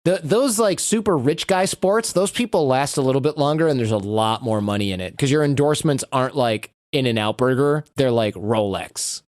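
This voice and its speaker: A man's voice: medium pitch, moderate pace, few pauses, no echo, studio quality. A man, a guest on a podcast, telling stories in casual conversation and acting out the lines of people he quotes. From United States. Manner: animated storyteller who acts out quoted lines.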